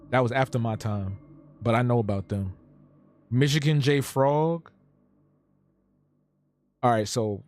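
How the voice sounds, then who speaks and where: A man's voice: medium pitch, a little mellow. A man streaming live while he draws cartoons, joking and reacting to his chat as he thinks aloud.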